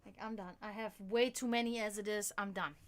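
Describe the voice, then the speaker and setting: A woman's voice: mid-range voice, fairly even intonation, brisk. A woman hosting a casual livestream, chatting with viewers and laughing often as she talks. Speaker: livestream host.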